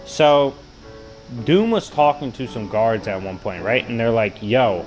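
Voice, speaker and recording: Animated man telling comic stories. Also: mid-range voice, unhurried, faint music behind, low-quality recording. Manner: animated and slangy, laughing at his own stories. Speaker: host. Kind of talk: casual comic-book storytelling.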